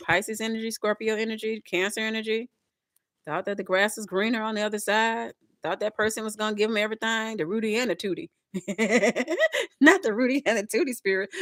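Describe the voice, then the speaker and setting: Chatty woman giving a tarot reading. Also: medium pitch. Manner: chatty and expressive, addressing spirit and viewers; playful, laughs often. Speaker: tarot reader. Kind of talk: casual collective tarot reading.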